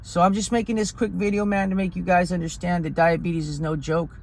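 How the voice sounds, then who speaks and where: A man's voice: high-pitched, level tone, fairly quick, vocal fry, a little mellow, a little hiss or hum. A man talking in a blunt, profane, rambling way in a casual vlog, recorded outdoors on a hill. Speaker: vlogger.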